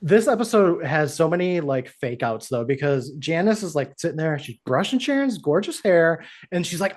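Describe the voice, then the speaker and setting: A man with a fairly high voice recaps a TV episode on a podcast he co-hosts, speaking at a normal speed with few pauses. He is casual and animated, voicing the characters' lines as he retells it.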